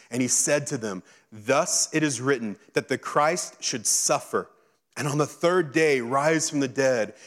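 A man preaching a sermon, reading scripture and acting out its dialogue, swinging between excited and hushed delivery. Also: mid-range voice. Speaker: pastor.

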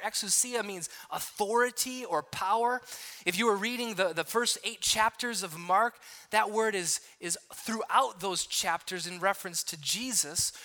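A man's voice: high voice, bright, forceful tone. A man preaching a sermon, explaining a passage word by word with frequent restarts and asides. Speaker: pastor.

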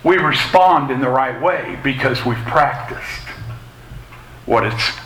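Middle-aged male pastor, bright conversational sermon voice, roomy church echo. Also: mid-range voice, slow pace, slight background noise. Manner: conversational, folksy preaching with asides. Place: church sanctuary. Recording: echoey church hall, faint ambience.

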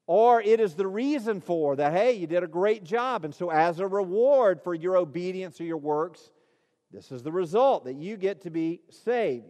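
A man's voice: high-pitched, in a large hall. A male pastor preaching a midweek sermon in a conversational way, with asides and rhetorical questions. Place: church during a midweek service.

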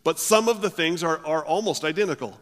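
A male pastor preaching a sermon, often restarting his words, his voice swelling loud and then dropping low. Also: a little fast, in a large hall. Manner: stammering restarts, swells and drops in volume.

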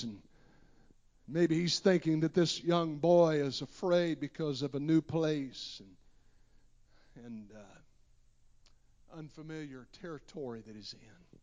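A man's voice: fairly high pitch, takes it slowly, pauses often, darkish tone. A man preaching a Pentecostal sermon in a church, impassioned and driving his points home with repeated refrains. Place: church sanctuary.

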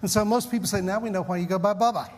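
A Southern US man in his fifties, preaching with an easygoing, self-mocking warmth of storytelling. His voice sits fairly high for a man, and a long hall reverb trails behind every phrase. He sounds like a pastor at a church pulpit. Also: steady tone, racing, slight background noise. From Southern United States. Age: 50s. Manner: folksy, self-deprecating storyteller. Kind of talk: humorous sermon opening.

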